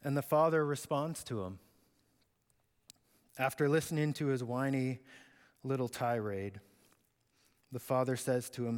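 A man preaching a sermon in an expressive, conversational way. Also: mid-range voice, unhurried, pauses often. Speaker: pastor. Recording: echoey hall.

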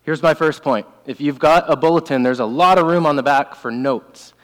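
A man preaches a sermon in an earnest, emphatic way, circling back to repeat his key lines. His voice sits a little high for a man. It carries a long reverb from a large church hall. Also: normal speed. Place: church sanctuary.

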